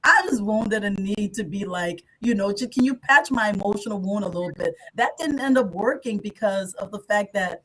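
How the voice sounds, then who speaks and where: A woman's voice: mid-range voice, normal speed, hardly any pauses, poor audio. Candid woman telling her story. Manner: candid, animated when quoting others. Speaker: podcast guest speaker, psychologist. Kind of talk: emotional personal storytelling.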